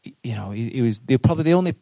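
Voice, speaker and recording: A mid-range, warm, creaky voice comes rapid-fire and animated from this football manager, who sincerely answers questions at a live boardroom podcast. He repeats words while thinking aloud, and there is no room sound.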